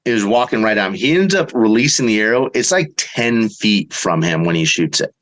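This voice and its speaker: Animated man telling a hunting story. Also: a little fast, rough recording. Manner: animated, acts out quotes with jumps in pitch. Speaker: bowhunter guest. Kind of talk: casual storytelling.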